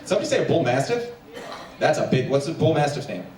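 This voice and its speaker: A male stand-up comedian from New Jersey does quick, animated crowd work on a theater stage before a packed house, putting on lively voices for pets. His pitch is fairly high, and the recording is echoey and distant, with audience noise.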